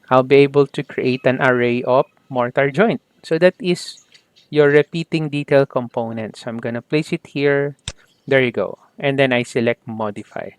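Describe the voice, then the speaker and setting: A man teaching a software tutorial step by step, often saying "okay" and "there you go" as he works. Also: medium pitch, dry recording. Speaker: software instructor. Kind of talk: screen-recorded software tutorial.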